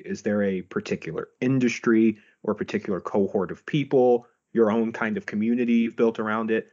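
Guy hosting an interview, husky lowish voice, curious questions, dull audio. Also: a little mellow. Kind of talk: podcast interview.

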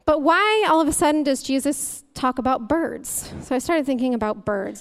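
A woman's voice: high-pitched, expressive, moderate pace, few pauses. A young woman giving a conversational sermon as a guest speaker, chatty and humorous, often breaking into laughter.

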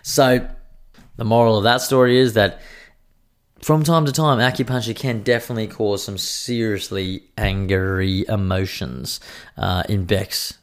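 An Australian man in his thirties talks through a rambling story from his week. He swears freely and talks in an animated way. His voice sits a little low. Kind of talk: casual storytelling monologue.

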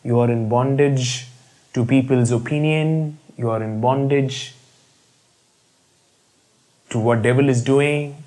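A man preaching a sermon, emphatic, repeating phrases and swinging between loud declarations and hushed, drawn-out words. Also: mid-range voice, steady tone, rough recording.

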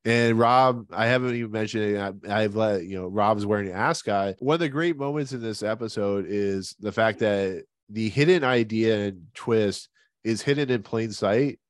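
A man's voice: on the low side, dry recording, clean studio sound. A man hosting a casual podcast, retelling a TV episode's plot in a rambling, joking way. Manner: rambling, jokey, retells the plot with quick asides. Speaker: podcast host.

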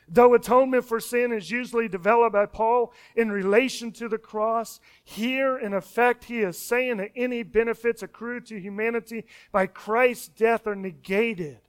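A man preaches a sermon in a high, smooth, clear voice. He pushes his points with emphasis and repeats words as he speeds up. Key phrases fall away into a soft hush. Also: steady tone, moderate pace, hardly any pauses. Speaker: pastor.

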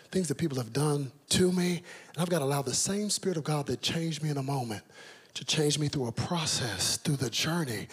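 A middle-aged male pastor from the United States, preaching a sermon with animated, comic storytelling and big swings in pitch. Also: husky.

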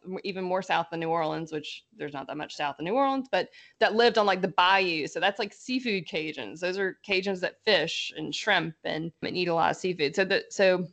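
A woman from South Louisiana with a slight Southern twang, chatting as a podcast guest and telling stories. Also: on the low side. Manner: chatty, animated storyteller. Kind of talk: casual podcast chat.

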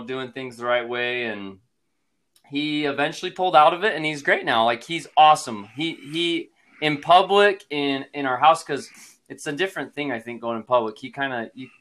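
A man's voice: mid-range voice, fairly bright tone. A man in his thirties, a father telling a parenting story in casual chat, laughing often and using lots of fillers.

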